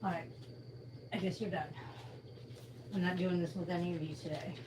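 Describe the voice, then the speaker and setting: A woman's voice: lowish voice, fairly even intonation, normal speed, noisy background. Tired, blunt woman livestreaming casually. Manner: blunt, swearing, tired and complaining. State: tired and in pain.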